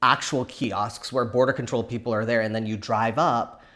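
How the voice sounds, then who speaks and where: A man hosts a relaxed crafting vlog, spilling a long story in a loose, chatty way. He laughs often and leans on "like" and "um" as he talks. His pitch sits in a middling range for a man. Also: moderate pace. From Canada. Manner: animated, laughing, frequent "like" fillers.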